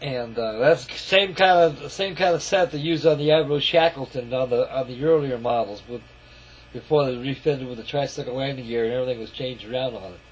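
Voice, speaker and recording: A man's voice: mid-range voice, fairly quick, a little hiss or hum. A man casually narrating a walk-around of his scale model, folksy and rambling, calling his viewers folks. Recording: lo-fi camera audio.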